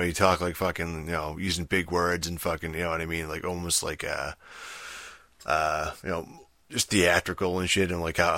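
Deep bright-toned man rambling profanely. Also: dry recording. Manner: heavy swearing and filler words, rambling. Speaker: show reviewer. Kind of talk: casual rambling rant.

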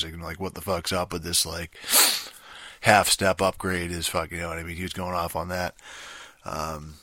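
Deep-voiced man ranting, swearing constantly. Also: level tone, brisk, bright, forceful tone, no echo. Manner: profane, rambling, heavy filler swearing; sarcastic, mocking. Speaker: gaming commentator. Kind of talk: casual ranting monologue.

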